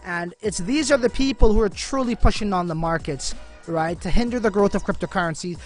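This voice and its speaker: A man's voice: high-pitched, brisk. Man, livestream host, casual slangy chat, lots of likes and bros, faint music behind. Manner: slangy, filler-heavy, addresses viewers as man and bro. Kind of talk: casual live-stream chat.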